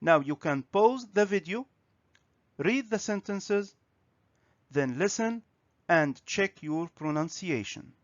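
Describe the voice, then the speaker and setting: A man teaching a grammar and pronunciation lesson on video, speaking slowly and clearly. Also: sits high, expressive, no room sound. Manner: slow, clear, instructive. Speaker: English teacher. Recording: dry, slightly dull recording.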